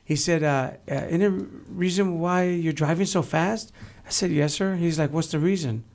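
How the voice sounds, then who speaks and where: A man's voice: a little high, normal speed, a little mellow. A man from Texas, a guest telling blunt, joking stories in a casual interview. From San Antonio, Texas.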